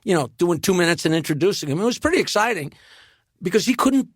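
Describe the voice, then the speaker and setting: Podcast guest, male, high voice, dry mic, lively anecdote teller. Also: husky, dry recording. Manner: animated anecdote teller with quick asides. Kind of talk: casual storytelling.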